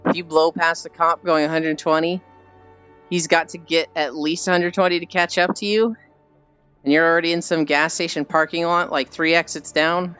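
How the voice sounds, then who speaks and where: Young streamer rambling animated stories to chat, swears a lot, soft music behind, kinda dull audio. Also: mid-range voice, normal speed, clear, resonant tone. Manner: animated storytelling, swears freely. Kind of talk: casual chat with stream viewers.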